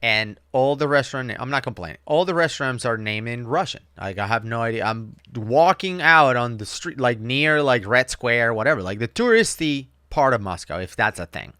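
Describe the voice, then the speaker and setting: A man's voice: mid-range voice, moderate pace, few pauses, smooth, no echo, clean studio sound. A man co-hosting a casual chat show, telling a story with jokes and exaggeration. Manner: animated storyteller, joking and exaggerated. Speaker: co-host.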